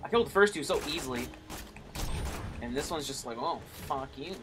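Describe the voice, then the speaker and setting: A young man commenting on his own gameplay, frustrated, swearing a lot and yelling at enemies. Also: mid-range voice, lively intonation, brisk, over music.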